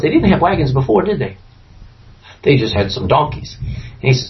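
A man's voice: a little high, moderate pace. A man teaching a Bible study, reading scripture aloud and acting out the characters with laughs. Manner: animated, acts out scripture voices with laughs. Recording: dull lo-fi room recording.

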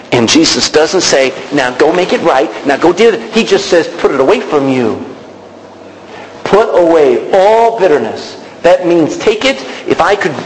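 A man preaching a sermon, animated, calling out to the congregation and acting out quotes. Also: high-pitched. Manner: animated preaching with calls of "Amen?", acted quotes and shouts. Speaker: pastor. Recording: reverberant hall with faint background noise.

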